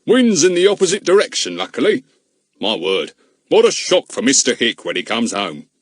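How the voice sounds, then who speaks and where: A man reading an audiobook, voicing a gruff, bossy village policeman who shouts and blusters. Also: mid-range voice, sing-song, normal speed, dry recording, voice pushed up. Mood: blustering.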